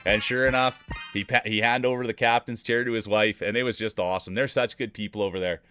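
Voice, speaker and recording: A man's voice: lowish voice, fairly even intonation, quick pace, sharp tone, smooth, dry recording, soft background music. A man commentating marble races on a live stream, greeting viewers by name and hyping up close finishes. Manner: upbeat, greets chat viewers by name, hypes race finishes.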